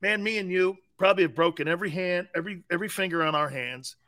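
Animated, bright-voiced man on sports radio. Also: sits high, fast talker. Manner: animated storyteller, peppers speech with "man" and "dude". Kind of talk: casual sports talk.

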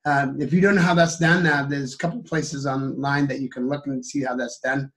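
An older man with a hoarse, fading voice speaking in a casual interview, halting and full of fillers and restarts. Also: mid-range voice, fairly even intonation, fairly bright tone. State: losing his voice, coughing. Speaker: guest, elder and teacher.

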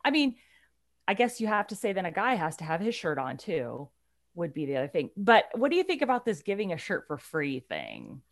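A woman in casual chat as a podcast co-host, telling a story in a chatty, animated way and often laughing. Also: lowish voice, a little fast.

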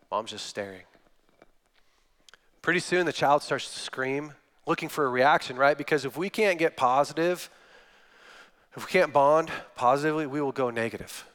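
A man's voice: medium pitch, fairly bright tone, clean tone. Man preaching in a reverberant hall. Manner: storytelling with acted-out quotes. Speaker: guest speaker. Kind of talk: sermon.

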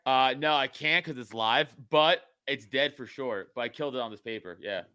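A man talking loosely on a podcast, voice sitting at an ordinary middle pitch. He curses freely and stumbles into restarts when he gets worked up. The recording is dry, with no room sound. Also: normal speed, clear, resonant tone, dry recording. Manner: profane, animated, frequent restarts. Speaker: podcast host. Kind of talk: casual chat.

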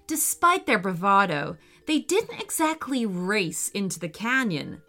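Storyteller: woman, slow, bright, expressive reading over faint music. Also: mid-range voice. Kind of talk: children's story narration.

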